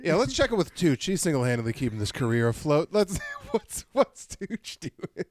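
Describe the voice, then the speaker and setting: A man's voice: a little high, big pitch swings, moderate pace. A man co-hosting a podcast, bantering crudely, teasing and laughing often and swearing freely. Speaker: podcast co-host.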